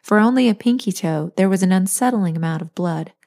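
A woman, an author and podcast host, reading her own novel aloud in steady, measured storytelling. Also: mid-range voice.

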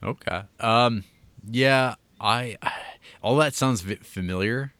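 A man's voice: mid-range voice, slow, fairly bright tone, no echo. A man co-hosting a podcast in casual chat, laid-back and hesitant with a dismissive edge. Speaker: podcast co-host.

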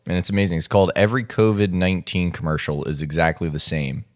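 An easygoing man co-hosting a casual podcast chat. His voice sits very low, and he reads passages aloud at a relaxed clip. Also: fast talker. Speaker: podcast co-host.

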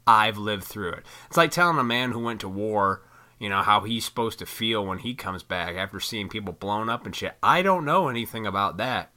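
A man's voice: fairly low pitch, animated, normal speed, sharp tone. A man delivering a blunt, profane, preachy monologue straight into a microphone as a solo podcast host. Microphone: studio microphone.

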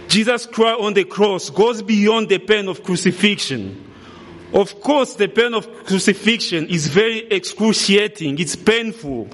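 Man, preacher, solemn sermon, very slow and deliberate, long hall reverb. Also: high voice.

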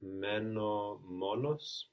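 A man's voice: on the low side, very slow. A man taking a language lesson, answering his teacher's prompts tentatively. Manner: tentative, answers after brief hesitation. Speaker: language student.

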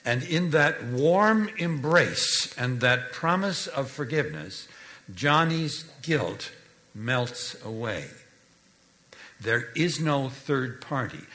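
A male preacher telling a family story to explain a doctrine, dropping his voice low and soft for the tender moments. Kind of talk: sermon storytelling.

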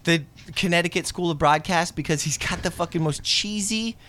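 A man's voice: a little high, moderate pace, fairly bright tone. A man hosting a podcast, chatting casually and animatedly, swearing a lot and laughing often. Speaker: podcast host. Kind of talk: casual chat.

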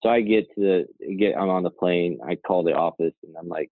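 A little fast and low-voiced, a guest who co-founded and now leads a nonprofit as CEO rambles through a story. Asides like "right?" and "you know" come often, and the line is dry, tinny, and phone-like with no echo.

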